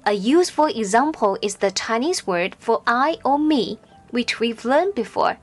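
A high-pitched woman gives a scripted pronunciation lesson at an unhurried pace. She enunciates every syllable with care and draws out her examples. Soft music plays faintly underneath. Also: lively intonation. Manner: slow, careful, clearly enunciated with drawn-out example syllables. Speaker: Mandarin pronunciation teacher. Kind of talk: scripted instructional narration.

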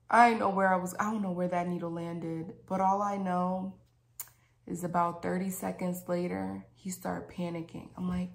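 A woman's voice: on the low side, normal speed, creaky. A woman dental hygienist telling a dramatic storytime to viewers in a casual, slangy way, talking straight to them. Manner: animated, dramatic, slangy, addresses viewers directly.

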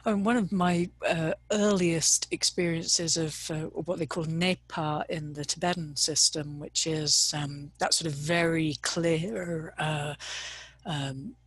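A meditation teacher leads a casual discussion on a video call, speaking hesitantly and searching for words. Her deep, slightly bright voice has a breathy edge, stays fairly even in intonation, moves slowly, and carries no echo.

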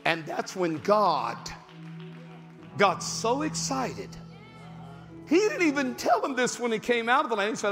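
A male pastor preaching a sermon in a large church, breaking into shouted, rising bursts. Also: very high voice, big pitch swings, measured pace, pauses often. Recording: reverberant church hall with music.

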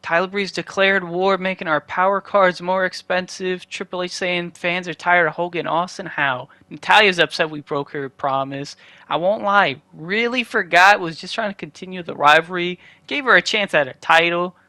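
A young man runs through a video game recap in quick play-by-play, tossing in dry asides. His voice sits a bit high and sounds bright and forward, recorded close and dry with no room sound. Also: no echo. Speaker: gaming channel host. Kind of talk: casual game commentary recap.

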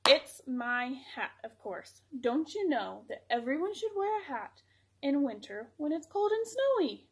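A woman's voice: high voice, measured pace, noisy background. A woman doing a touchy little hedgehog. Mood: indignant.

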